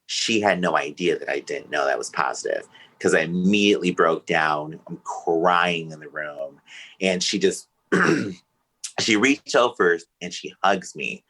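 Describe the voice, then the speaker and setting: Podcast guest, male, low pitch, forceful tone, candid and emotional storytelling. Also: expressive, unhurried, husky, rough recording. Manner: emotional, earnest, open.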